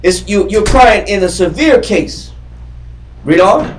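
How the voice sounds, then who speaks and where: A man's voice: high voice, animated, a little slow, a little hiss or hum. A man teaching a Bible class in a classroom, fervent and repetitive, quizzing his readers as he goes. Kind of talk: emphatic scripture teaching. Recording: roomy classroom from far off.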